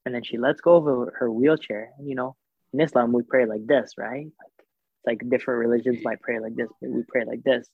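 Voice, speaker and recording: A man's voice: mid-range voice, fairly quick, gravelly, slightly rough, no room sound. Man telling a story over a phone-thin line. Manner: animated retelling with reported dialogue, many fillers. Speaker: guest telling a personal story. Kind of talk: casual conversational storytelling. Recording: thin phone-like dry sound.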